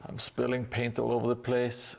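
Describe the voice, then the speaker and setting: A man talks casually on a live stream as he paints, his voice gravelly with fry. His delivery stays flat and even, and he rambles and pokes fun at himself. He leans on fillers and restarts. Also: mid-range voice, moderate pace, a little hiss or hum. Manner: rambling, self-mocking, many fillers and restarts. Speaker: streamer building a tabletop terrain board. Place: hobby workspace at home.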